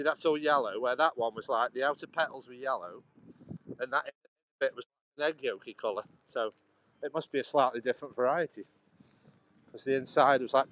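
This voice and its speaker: A man's voice: mid-range voice, a bit bright, a little hiss or hum, poor audio. A man hosting a casual live walking stream outdoors by a canal, rambling and chatting to his viewers by name as he holds his phone. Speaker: livestream host.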